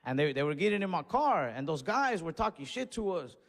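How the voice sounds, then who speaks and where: A man's voice: on the high side, brisk, big-room sound. Man telling stand-up stories on stage. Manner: animated storytelling with acted-out quotes. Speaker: stand-up comedian. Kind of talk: stand-up storytelling.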